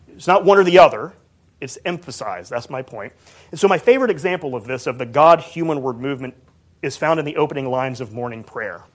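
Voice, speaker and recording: A man giving a measured academic lecture on theology and healing, stressing key points. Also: mid-range voice. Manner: measured, emphatic, reads out quotes.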